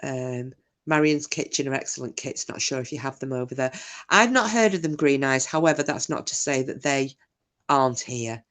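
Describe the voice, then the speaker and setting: A woman's voice: very deep voice, normal speed, a bit bright. A middle-aged woman, hosting a casual livestream, reading chat messages aloud and trading cheeky, bawdy banter. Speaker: live stream host reading chat.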